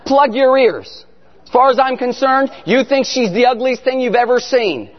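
A middle-aged man preaching a sermon, telling family stories with animated bursts of shouting. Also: very high-pitched, normal speed, slight background noise. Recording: muffled sound in a reverberant hall.

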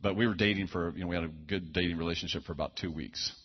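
Folksy preacher, low husky voice. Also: male voice, fairly even intonation, rapid-fire. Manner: folksy, conversational, frequent restarts and asides. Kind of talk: storytelling sermon. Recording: dull lo-fi sound.

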